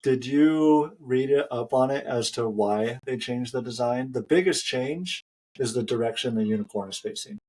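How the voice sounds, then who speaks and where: A man's voice: mid-range voice, normal speed, a little mellow, slightly rough. A man hosting a running podcast, telling a story in a chatty way and laughing often. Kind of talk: casual chat.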